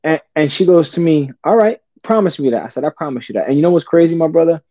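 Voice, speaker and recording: Animated storytelling man, dark lo-fi sound. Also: fairly high pitch, quick pace, no room sound. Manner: animated, calls the host brother and bro. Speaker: podcast guest. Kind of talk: casual storytelling. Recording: dull, dry lo-fi sound.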